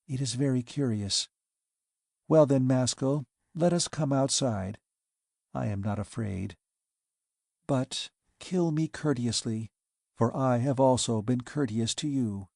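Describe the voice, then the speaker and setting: A man reading an audiobook, voicing a composed, courteous woman who speaks in a calm, dignified and measured way. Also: medium pitch, gravelly, no room sound, studio quality.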